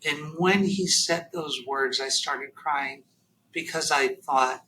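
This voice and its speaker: A man shares a raw personal story in an interview. He speaks haltingly and emotionally, near tears, with plenty of fillers. His voice sits a bit high and is strikingly bright and sharp. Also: a little hiss or hum, rough recording. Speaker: podcast guest.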